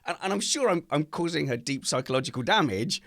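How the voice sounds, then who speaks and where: Animated dad telling stories. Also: male voice, quick pace, vocal fry, dry recording, clean studio sound. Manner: animated storyteller, jumps into high silly voices for quotes. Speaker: podcast co-host. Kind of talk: casual chat. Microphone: home mic on a video call.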